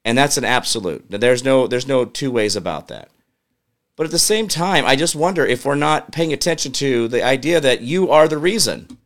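Hosting a political commentary show, this man fires off questions at viewers in an exasperated rant, muttering to himself as he works a computer. He speaks at normal speed with a medium pitch and lively intonation.

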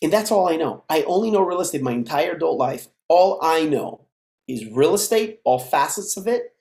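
A man in his fifties from the United States, a podcast guest telling his life story in a lively way and acting out the voices of the people in it. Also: a little high, moderate pace, vocal fry. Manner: animated storyteller who acts out dialogue. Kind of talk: casual storytelling interview. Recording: roomy echo.

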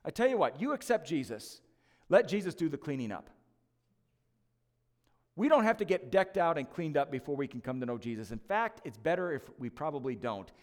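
A man's voice: on the high side, very animated, fairly quick, a little mellow, in a large hall. A man preaching a sermon as lead pastor, conversational and emphatic, with joking asides to the church.

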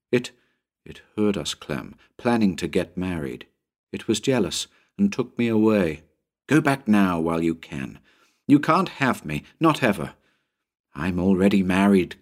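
A man's voice: fairly low pitch, big pitch swings, measured pace, a little mellow. A man voicing Anne, a ghostly young woman who pleads tearfully with her lover from within a haunted building in a read-aloud story. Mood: pleading.

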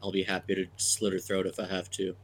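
A man's voice: low voice, completely flat delivery, fast, slightly rough. A man playing a cold, menacing guard. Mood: grim. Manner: threatening, clipped and level. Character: menacing adult male guard, cold and blunt.

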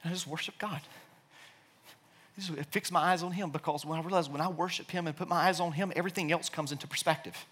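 A man with a slightly high, bright, forceful voice tells a personal testimony. He speaks earnestly and with feeling, sometimes falling to a hushed near-whisper and often restarting his sentences. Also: fairly even intonation, fast, breathy edge. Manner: earnest, emotional storytelling with restarts; hushed, soft-spoken in quiet passages.

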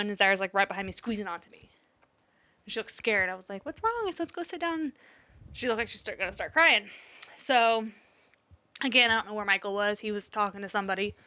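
A woman's voice: mid-range voice, sharp tone. A woman in her thirties chatting casually, telling a story animatedly and swearing freely. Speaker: podcast co-host, mother. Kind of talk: casual chat.

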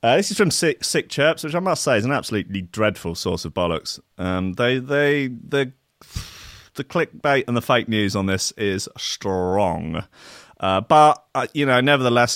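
A man's voice: medium pitch, fairly bright tone, dry recording, clean studio sound. Sardonic male host. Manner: sardonic, mock-outraged, heavy with filler. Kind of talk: comic news-reading riff.

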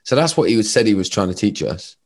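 A man, telling lively stories as a podcast guest. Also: lowish voice, quick pace. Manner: animated storyteller, lots of fillers. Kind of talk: casual chat.

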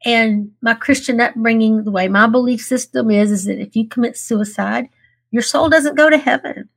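A woman's voice: on the high side, moderate pace, creaky. Earnest woman telling a hard story. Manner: earnest and emotional, laughs through tears. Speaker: guest. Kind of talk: candid interview storytelling.

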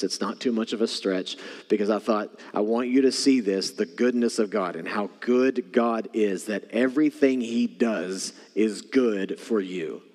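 Male pastor, mid-pitched, preaching with soft asides and raised emphasis, recorded in a reverberant church hall. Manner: shifts between soft near-whispers and raised preaching. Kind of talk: sermon.

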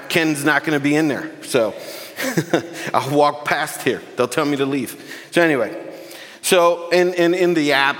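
A man gives a sermon in a casual, warm-hearted way, joking and getting emotional with the congregation. His voice carries a long reverb from the church hall. He sits at a mid pitch. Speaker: guest preacher. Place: church sanctuary.

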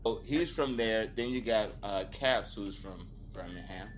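A man from the United States hosting casual chat, telling stories in a relaxed way and laughing often. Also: lowish voice, a little slow, a little hiss or hum. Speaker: host.

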